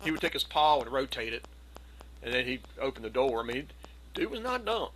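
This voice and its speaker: A middle-aged man telling a long, animated anecdote on a video call, slipping into the voices of the people in it. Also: mid-range voice, a little fast, low-quality recording. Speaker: community gathering participant. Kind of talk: casual storytelling.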